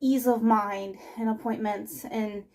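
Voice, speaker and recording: A woman's voice: a little high, fairly even intonation, slow pace, a little mellow. A young woman chatting casually while doing chores, rambling and breathless, recorded in her kitchen. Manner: rambling, self-interrupting, scatterbrained. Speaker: vlogger. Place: home kitchen, indoors.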